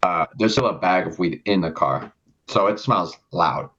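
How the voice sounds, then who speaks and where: Young guy, deep voice, rambling sweary story, kinda muffled lo-fi audio. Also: normal speed, fairly bright tone. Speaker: podcast co-host. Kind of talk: casual storytelling chat. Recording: dull lo-fi sound.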